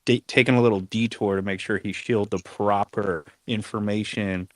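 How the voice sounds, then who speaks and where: A man trading jokes in easy slang on a live audio chat. His voice sits a little low and comes through dry, with no room sound around it. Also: steady tone, moderate pace, dry recording. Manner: loose, joking, slangy. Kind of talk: casual chat.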